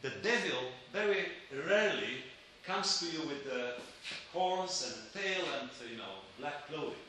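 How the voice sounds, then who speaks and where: A man lectures students in a keen, bright voice and stops often to search for words. He slips dry jokes into his points. The sound rings around a very roomy, reverberant space. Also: fairly high pitch, animated, unhurried, a little hiss or hum. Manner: hesitant with many fillers, dry joking asides.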